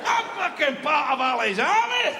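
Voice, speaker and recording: A man's voice: extremely high pitch, big pitch swings, normal speed, background noise, pitched above the performer's own voice, heavily acted. A man voicing a small, furious Scotsman who bellows insults down a hill, in an echoey hall. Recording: echoey hall with crowd laughter.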